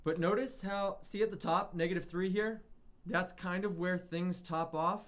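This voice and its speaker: Man, music production teacher, casual lesson, rambling, slightly high voice. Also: fairly even intonation, normal speed, a bit bright. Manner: chatty, rambling, self-correcting.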